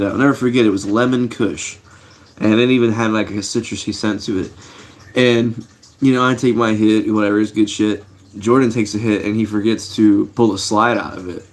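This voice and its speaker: Man, fairly low voice, middle-aged, casual livestream storytelling, rambling, filler-heavy. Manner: laid-back, rambling, many fillers and restarts. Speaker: livestream host. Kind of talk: casual storytelling to a live chat.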